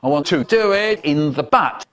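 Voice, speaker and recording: A man's voice: fairly high pitch, animated, moderate pace, a bit bright. Man doing a sulky whining dad. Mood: whiny. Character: sulky pestering dad, middle-aged man.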